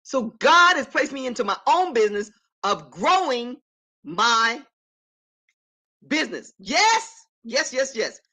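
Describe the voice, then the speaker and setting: A woman's voice: a little high, very animated, slow, sharp tone. A middle-aged woman on a casual live stream from her apartment, talking emphatically and affirming herself while greeting viewers by name.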